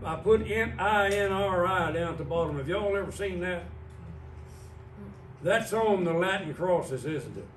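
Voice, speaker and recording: A man's voice: sits high, lively intonation, unhurried, slight background noise. A man preaching an evening sermon as pastor, explaining words on a screen step by step. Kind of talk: evening sermon with Bible teaching. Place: church sanctuary. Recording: roomy church sound from a distant mic.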